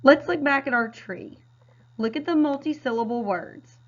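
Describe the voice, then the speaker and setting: A woman teacher giving a recorded phonics lesson, modeling words clearly and patiently. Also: high-pitched, normal speed. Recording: dull, lo-fi sound.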